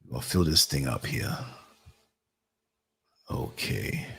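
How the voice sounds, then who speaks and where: A man's voice: extremely low pitch, slow pace, creaky, fairly bright tone, a little hiss or hum. A man with a New York accent hosting a live online talk show, chatting casually and laughing often while he works the computer.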